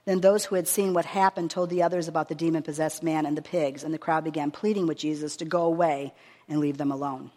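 A woman preacher giving a sermon with a long scripture reading, earnest and measured, stressing her words as she reads aloud. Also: low-pitched, fairly even intonation, darkish tone. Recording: long reverb of a hall.

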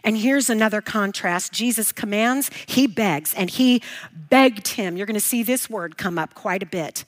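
A woman with a mid-range voice teaches a bible lesson at normal speed. She's emphatic, repeating key points and posing questions that she then answers herself.

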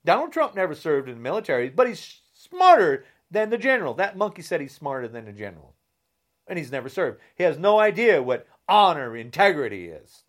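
A man delivering a heated, insulting rant straight to camera, swinging between shouting and a low, menacing growl. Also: sing-song, brisk. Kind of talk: angry political rant to camera.

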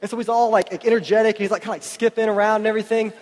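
A man preaching a sermon, telling stories in a chatty, animated way full of "like" fillers, in a church hall. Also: sits high, racing. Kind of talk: sermon storytelling. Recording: reverberant hall.

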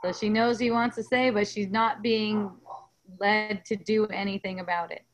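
A woman hosting a spiritual coaching webinar, talking gently and reassuringly in a rambling way over a video call. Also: mid-range voice, fairly even intonation, normal speed, slight background noise, rough recording. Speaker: host.

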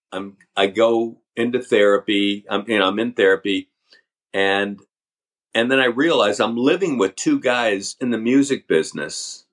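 An older man, a podcast guest, telling his story candidly in a halting, talkative way. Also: medium pitch, a bit bright. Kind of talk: storytelling interview.

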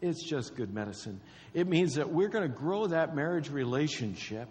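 A man's voice: fairly high pitch, expressive, moderate pace, a little mellow. Man preaching in a reverberant hall. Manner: conversational, repeats key phrases, quizzes the congregation. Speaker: pastor. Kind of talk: sermon.

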